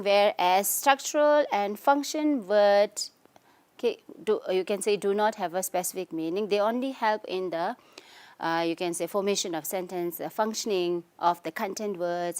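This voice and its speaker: A woman's voice: mid-range voice, a little mellow. Female English teacher, Tibetan accent, patient step-by-step explainer, keeps asking "okay?". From Tibetan community in India. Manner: explanatory, frequent "okay?" and "you can say" checks. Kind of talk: recorded lesson.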